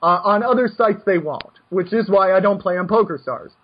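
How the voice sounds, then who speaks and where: A man coaching poker in casual chat, brash and animated, given to joking rants. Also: sits high, normal speed, husky, highs cut off.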